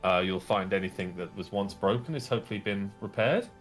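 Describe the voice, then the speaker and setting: Low-voiced man running a tabletop game. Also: a little fast, soft background music. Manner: casual, rambling narration with restarts. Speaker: game master. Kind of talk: narrating and voicing a tabletop game.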